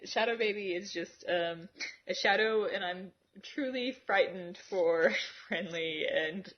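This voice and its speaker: A woman's voice: lowish voice, slow. A woman co-hosting a podcast in casual chat. She laughs often and swears freely. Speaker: podcast co-host. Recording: dull lo-fi recording.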